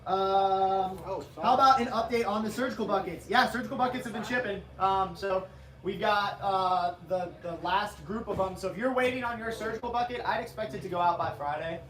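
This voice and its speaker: Joking dude hosting a shop livestream, roomy echo, chatter in the background. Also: male voice, sits high, a little fast. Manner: loose, joking, talks to chat, says dude. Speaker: company co-host on livestream. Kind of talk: casual livestream chat.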